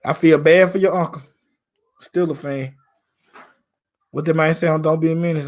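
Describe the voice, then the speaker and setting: Memphis-accented man, higher voice. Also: fairly even intonation, normal speed. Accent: Memphis Southern US. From Memphis, Tennessee. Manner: laid-back, slangy, repeats himself. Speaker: live stream host. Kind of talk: casual live stream sports talk.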